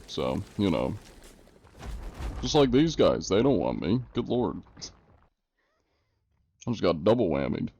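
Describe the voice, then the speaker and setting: A man's voice: low-pitched, mellow, no room sound, lo-fi sound. A man streaming live, chatting casually with his viewers and answering them with dry jokes. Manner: dry, joking, answers chat. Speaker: game streamer.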